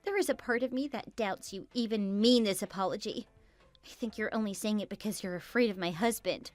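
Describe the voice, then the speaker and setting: A woman voicing a wife in a text message story, calm and reproachful. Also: mid-range voice, fairly quick, faint music behind.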